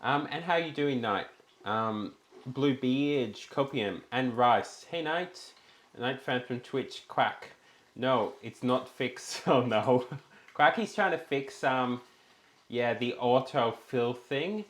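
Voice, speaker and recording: A man co-hosting a livestream from a small home kitchen, talking easily at a middle pitch. He keeps reading viewer chat aloud and fills gaps with ums. The room around him rings with a roomy echo. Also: expressive, slow pace. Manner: chatty, reads out messages with lots of ums. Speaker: co-host of a cooking stream.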